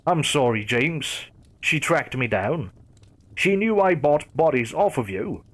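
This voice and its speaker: A man's voice: on the high side, lively intonation, slow pace. A man voicing a wistful, apologetic Irish body dealer with an Irish accent. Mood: pleading.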